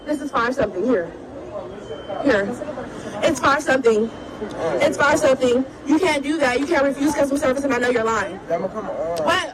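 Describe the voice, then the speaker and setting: A woman's voice: high voice, animated, moderate pace, pauses often, poor audio. A woman in a heated argument as a customer, swearing and repeating the same demands again and again. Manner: profane, repeats demands over and over. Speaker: customer in a dispute. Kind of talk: heated argument filmed on a phone. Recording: loud crowd noise behind.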